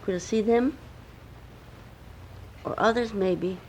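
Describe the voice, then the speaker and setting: A woman's voice: mid-range voice, slow, a little mellow, slight background noise, lightly acted, rough recording. An older woman voicing a small, eager, polite boy creature from the moon in a bedtime story, earnest and childlike.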